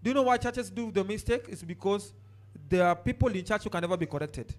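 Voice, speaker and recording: Man, pastor, sermon, high-pitched, very animated pitch. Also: quick pace. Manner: preaching with sudden shouted outbursts and quiet asides; calls on the congregation to turn to a neighbor.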